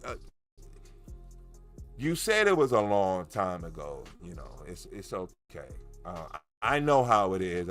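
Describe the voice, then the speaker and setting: A man hosting a casual livestream, his pitch leaping up and down as he rambles and jokes. He restarts sentences often and keeps a loose, chatty manner, with faint music playing behind him. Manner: animated, rambling and jokey, with many restarts. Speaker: cannabis grow livestream host.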